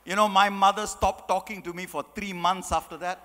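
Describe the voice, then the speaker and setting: A high, lively male voice bounces through the story, bright and forceful in delivery. He acts out each line of dialogue as he goes. The sound carries the long reverb of a large hall. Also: fairly quick. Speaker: speaker. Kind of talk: storytelling in a motivational talk.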